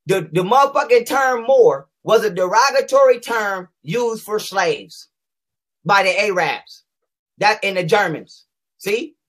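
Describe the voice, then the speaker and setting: A woman in a heated, profane rant, combative and repetitive, slowing down to read definitions aloud. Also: mid-range voice, expressive. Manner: combative, profane, repeats phrases for emphasis; reads definitions aloud slowly. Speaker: online commentator.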